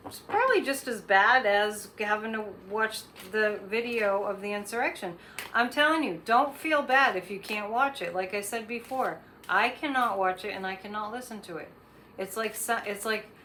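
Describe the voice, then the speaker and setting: A woman's voice: mid-range voice, bright, forceful tone, a little hiss or hum. A woman hosting her own show, giving psychic readings in a rambling, casual monologue full of fillers and restarts. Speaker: psychic host.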